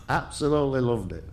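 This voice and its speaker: An older man, telling lively stories in casual conversation. He breaks into laughs and restarts his sentences as he goes. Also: mid-range voice. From Yorkshire. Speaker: guest, retired rally driver. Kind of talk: casual anecdotal storytelling.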